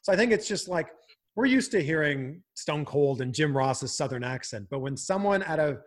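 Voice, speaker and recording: Male host from Canada, chatty and animated, fairly high voice, very lively pitch. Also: normal speed. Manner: animated, laughs often, chatty with many fillers. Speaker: broadcaster and host. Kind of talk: casual podcast chat.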